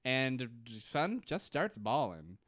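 A man co-hosting a podcast, recapping with casual jokes and deadpan asides. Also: medium pitch, takes it slowly, no echo, clean studio sound. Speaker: podcast co-host. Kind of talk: casual chat.

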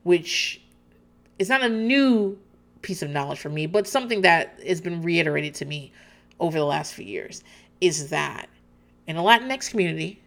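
Animated woman chatting candidly. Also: on the low side, normal speed, gravelly. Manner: animated, candid, with frequent restarts and laughs. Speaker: host recapping a TV show. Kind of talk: casual chat.

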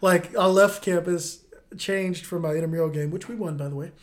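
A man's voice: on the high side, steady tone, brisk, a crowd in the background. A young man co-hosting a podcast, joking around and rambling in casual chat. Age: young adult. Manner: joking, rambling, laughs at own jokes. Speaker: podcast co-host.

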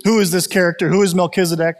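A man with a slightly higher voice preaching in a loose, conversational way, full of "uh"s and restarts as he tells stories. His voice rings out with a long reverb, as in a church hall. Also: flat delivery, quick pace. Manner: conversational, storytelling with many fillers. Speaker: pastor. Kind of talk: sermon.

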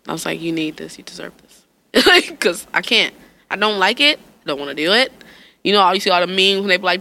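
A woman in her thirties tells stories in relaxed conversation, jumping her pitch way up to act out what people said. Her voice is bright and forward, and it rises and falls a great deal. She swears freely and laughs through her lines. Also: brisk. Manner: animated storyteller, acts out quotes with big pitch jumps, swears freely. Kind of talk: casual chat.

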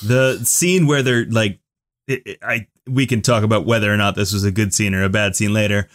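A man hosting a podcast in casual chat, leading the talk with a halting, drawn-out delivery. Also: lowish voice, fairly even intonation. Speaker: podcast host.

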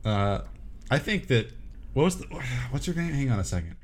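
A man's voice: mid-range voice, big pitch swings, moderate pace, slight background noise. A man co-hosting a podcast in casual chat, cracking jokes and laughing freely. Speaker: podcast co-host.

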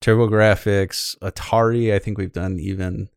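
A man's voice: fairly low pitch, steady tone, a little slow, gravelly, clear, resonant tone, no echo, studio quality. A man co-hosting a casual gaming podcast, rambling along with lots of fillers and restarts. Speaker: podcast co-host.

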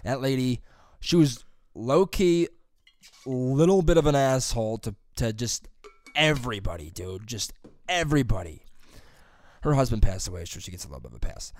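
A man's voice: medium pitch, lively intonation, moderate pace, a little mellow, no echo. Rambling, profane young man telling a story. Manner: profane, rambling, says "dude" and "like" constantly. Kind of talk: casual storytelling chat.

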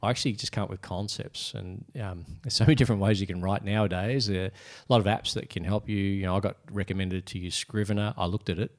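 Lively man telling his story. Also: deep voice, fast talker, few pauses. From Australia. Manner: animated, acts out quoted voices. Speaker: author. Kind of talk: casual interview storytelling.

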